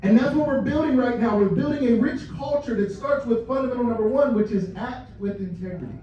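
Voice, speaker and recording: A man with a high voice tells stories and talks directly to the people listening, chuckling now and then at his own anecdotes. He sounds far from the microphone, in a very reverberant room with a dull, muffled tone. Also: a little fast, dark tone. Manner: storytelling, addresses the audience directly, laughs at own stories. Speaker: company leader giving a culture talk. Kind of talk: motivational talk to a live audience. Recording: distant mic, dull and echoey room sound.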